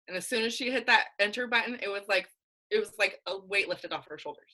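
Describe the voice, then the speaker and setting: A woman's voice: medium pitch, fast, pushed and bright, low-quality recording. A young adult woman coach giving a candid, emphatic motivational talk on a team video call, full of casual slang. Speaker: guest speaker, fitness coach.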